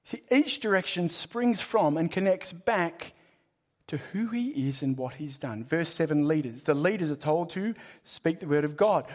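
High-voiced preacher, emphatic. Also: male voice, animated, moderate pace. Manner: emphatic, with swings between loud and hushed; repeats phrases for rhythm and emphasis. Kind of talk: sermon.

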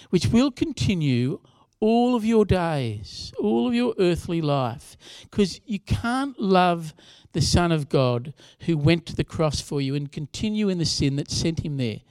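A man's voice: fairly high pitch, a little mellow, no echo. Conversational man preaching a sermon. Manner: conversational preaching with asides to the congregation. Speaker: pastor.

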